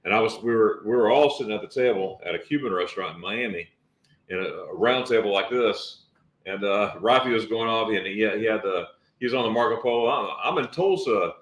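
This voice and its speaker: A man guesting on a casual livestream tells a story, halting and often repeating himself as he goes. His voice is on the low side, and the sound is roomy.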